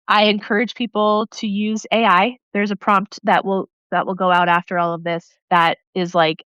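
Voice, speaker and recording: A woman with an East Coast accent, a guest coach giving quick, animated advice in a casual interview. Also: medium pitch, smooth, dry recording. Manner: energetic, animated hand-talker, gives advice in quick bursts. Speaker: podcast guest, networking coach.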